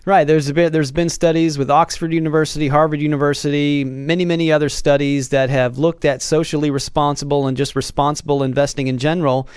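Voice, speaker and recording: Animated man with a smooth, fairly high voice. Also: fast, few pauses, dry recording, studio quality. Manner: animated, repeats words when starting a sentence. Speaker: financial advisor co-hosting a radio show. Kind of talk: casual radio chat.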